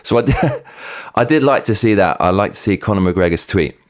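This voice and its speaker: A man's voice: lowish voice, expressive, brisk. A man hosting his own show, ranting heatedly with plenty of swearing and sarcastic mockery. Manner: sarcastic, mocking. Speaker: host. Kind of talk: opinion rant.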